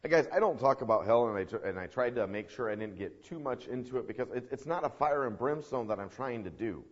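A man's voice: mid-range voice, expressive, fast, husky. Earnest male preacher, emphatic delivery, dull lo-fi sound. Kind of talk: sermon. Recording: dull recording with long hall reverb.

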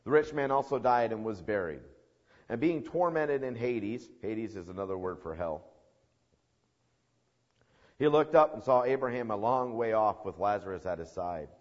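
A man's voice: fairly low pitch, expressive, moderate pace. Earnest male preacher, emphatic delivery, dull lo-fi sound. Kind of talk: sermon. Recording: dull recording with long hall reverb.

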